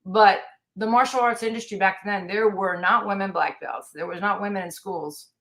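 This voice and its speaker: A woman's voice: medium pitch, normal speed. Middle-aged american woman, martial arts master, tells stories with lots of punch on a podcast. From United States. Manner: lively storyteller, acts out quoted lines. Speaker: guest, taekwondo master. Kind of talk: storytelling in a podcast interview.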